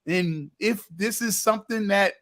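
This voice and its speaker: A man's voice: high voice, measured pace, a bit bright. A man co-hosting a casual talk show, telling stories in an earnest, preacherly way. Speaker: podcast co-host. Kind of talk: casual chat.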